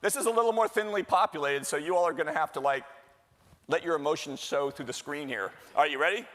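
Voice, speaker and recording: Executive MC, middle-aged man, fairly high voice, chatty and crowd-working, reverberant hall. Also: quick pace, fairly bright tone, a little hiss or hum. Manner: jokey, chatty, works the crowd with questions. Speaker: executive director giving opening remarks. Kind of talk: live conference welcome speech. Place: large hall with live audience.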